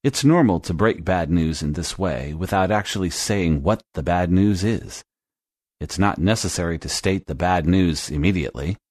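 A man with a very low, deep voice gives a scripted English lesson, speaking clearly and steadily. The recording is dry and close, with no room echo at all. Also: darkish tone. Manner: clear, measured instructional delivery. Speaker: language teacher.

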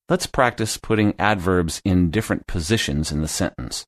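Deep-voiced man teaching English. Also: dry recording, studio quality. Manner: clear, deliberate explaining. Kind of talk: scripted lesson narration.

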